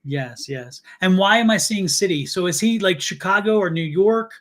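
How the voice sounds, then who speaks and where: A man's voice: high-pitched, moderate pace, a bit bright. A man doing a live psychic reading, searching for impressions and thinking aloud in broken fragments. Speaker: psychic tarot reader.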